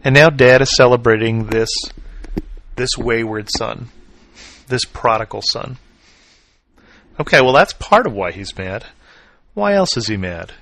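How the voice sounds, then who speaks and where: A man preaching a sermon, retelling a Bible story with expressive swings from loud emphasis to quiet reflection. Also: mid-range voice, measured pace, long pauses. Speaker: pastor.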